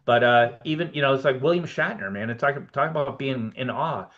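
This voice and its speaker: Man telling lively anecdotes, lo-fi sound. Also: medium pitch, brisk. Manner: animated anecdotes, reenacts conversations with "I'm like". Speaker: guest, production designer. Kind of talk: casual storytelling interview.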